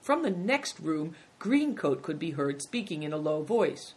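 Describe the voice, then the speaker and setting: A woman narrating an audiobook, with expressive storytelling. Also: deep voice, measured pace, hardly any pauses, husky.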